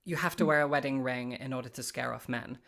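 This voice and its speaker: A woman's voice: a bass voice, steady tone, quick pace, creaky, fairly bright tone. A woman hosting a book interview channel, speaking earnestly and emphatically, stacking her points one after another. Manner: earnest, emphatic, building arguments in lists. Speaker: host. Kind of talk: casual interview chat.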